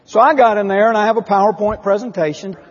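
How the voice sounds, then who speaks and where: High-voiced man speaking in a hall. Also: steady tone, fast talker. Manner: emphatic storytelling, asks the audience questions. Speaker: motivational speaker at a company conference. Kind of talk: conference keynote speech. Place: large conference hall. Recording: dull lo-fi audio with long hall reverb.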